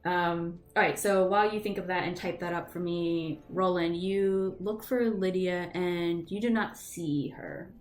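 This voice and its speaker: A woman's voice: fairly low pitch, steady tone, unhurried, few pauses, echoey room. A young woman narrating a tabletop game as game master, casual and full of ums and restarts.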